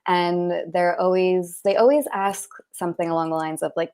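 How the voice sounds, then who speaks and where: A woman from Rhode Island co-hosting a casual live chat, relaxed and quick to laugh. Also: lowish voice, clear, resonant tone. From Rhode Island, United States. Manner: relaxed, laughs often, many fillers. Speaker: co-host.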